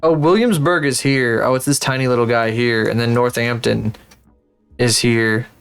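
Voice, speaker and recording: A man's voice: mid-range voice, steady tone, normal speed, vocal fry, clear, resonant tone, soft background music. A man streaming live, thinking aloud and swearing casually as he plays a geography guessing game. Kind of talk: casual livestream commentary while playing a geography game.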